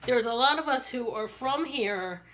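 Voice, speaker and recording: A woman's voice: a little high, expressive, normal speed, a bit bright. A woman with a Maryland accent chatting casually and rambling, laughing often as she styles her hair. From Maryland, USA. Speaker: beauty vlogger. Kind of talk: casual chat while styling hair.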